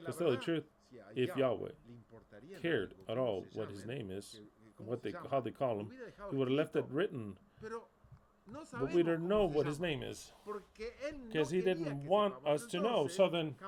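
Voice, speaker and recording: Blunt, profane male preacher over crowd noise. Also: on the high side. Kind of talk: informal sermon.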